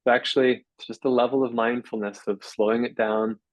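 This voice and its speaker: A physiotherapist explaining breathing in a measured way, often pausing with fillers and restarting his sentences. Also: medium pitch, fairly even intonation, dry recording, rough recording. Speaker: physiotherapist guest. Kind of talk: explanatory interview talk.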